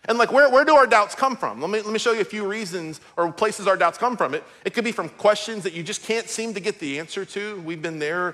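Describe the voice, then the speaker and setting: A male pastor in his thirties preaching with a high, bright voice. He tells a personal story with strong feeling, rising loud and then dropping to a hush. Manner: storytelling, emotional, shifting from loud to hushed. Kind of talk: sermon.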